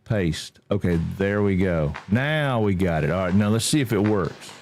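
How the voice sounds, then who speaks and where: This is a middle-aged man hosting a relaxed game livestream. He rambles in an easygoing way. He greets his viewers by name as he chats. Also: low voice, moderate pace, slight background noise. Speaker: game streamer. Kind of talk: casual livestream chat.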